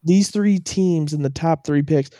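A man's voice: on the high side, a little slow, dark tone, no echo, studio quality. A man co-hosting a casual sports chat, ranting animatedly and swearing freely. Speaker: podcast co-host.

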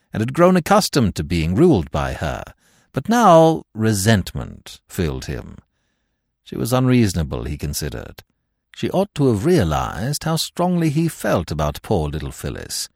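A man reading a classic novel aloud as the narrator in an expressive storytelling manner. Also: fairly low pitch, dry recording, clean studio sound. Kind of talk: scripted audiobook narration.

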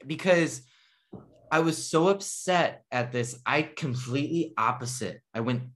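A man's voice: on the high side, animated, measured pace, fairly bright tone. A man telling a story in casual chat, rambling and correcting himself, laughing at his own tale.

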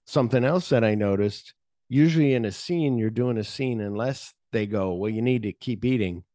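A man's voice: medium pitch, moderate pace, mellow, no room sound, clean studio sound. A man hosting a podcast, casually recapping film scenes and acting out the characters' lines. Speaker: podcast host. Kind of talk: casual movie discussion.

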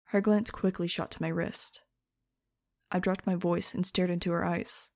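A woman's voice: fairly low pitch, little pitch movement, moderate pace, no echo, studio quality. A woman narrating an audiobook in the first person, in a sarcastic, wisecracking, chatty way.

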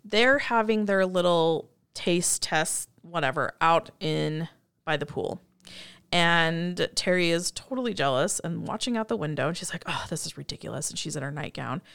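A woman chatting casually, retelling film scenes with lively storytelling and acting out the characters' lines. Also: fairly low pitch, moderate pace, smooth. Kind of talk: casual chat recapping a film.

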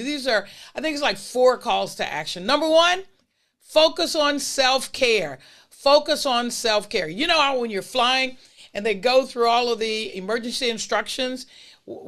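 A podcast host giving listeners an encouraging holiday message, laid out as numbered points and repeating key phrases for emphasis. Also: medium pitch. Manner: steady, unhurried delivery with list-style points.

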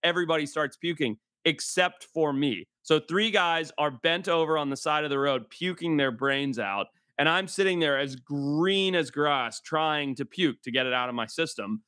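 A man, a guest adventurer, telling a story in an animated way and acting out the people in it. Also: fairly high pitch, moderate pace, hardly any pauses, no echo, clean studio sound. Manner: animated, acts out the people in his stories. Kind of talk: casual storytelling.

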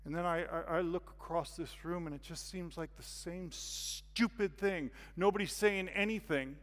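A man giving a sermon as a guest speaker, telling a story and shifting from hushed to loud. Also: sits high, normal speed. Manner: animated, confessional, swings from hushed to loud. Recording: long reverb of a hall.

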